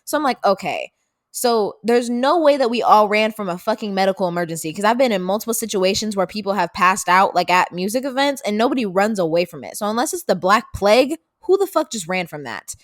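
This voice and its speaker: A woman of about eighteen from Seattle, co-hosting a podcast and telling a story in casual, profane, animated chat. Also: medium pitch, a little fast, no room sound, studio quality. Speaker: podcast co-host, daughter.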